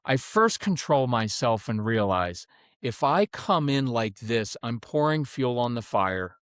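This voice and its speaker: A man's voice: medium pitch, measured pace, clear, resonant tone, no room sound, studio quality. A middle-aged man speaking as a parenting coach guest in a podcast interview, telling stories and acting out quoted voices, then explaining his advice matter-of-factly. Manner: animated storyteller who acts out quoted voices; matter-of-fact coaching delivery.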